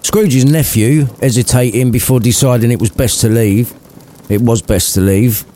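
A man's voice: medium pitch, normal speed, warm tone, slight background noise. A man narrating a crude comic retelling with cheeky asides.

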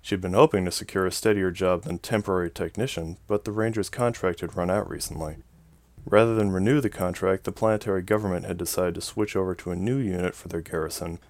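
A man narrating a science fiction story in an even, measured way. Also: low voice, dry recording. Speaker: audiobook narrator. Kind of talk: scripted narration.

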